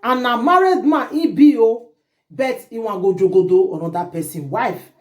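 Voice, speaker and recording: A woman vlogger with a Nigerian Pidgin accent tells her viewers a gossip story, animated and indignant. Her voice is on the high side at a moderate pace, and the recording carries a roomy echo.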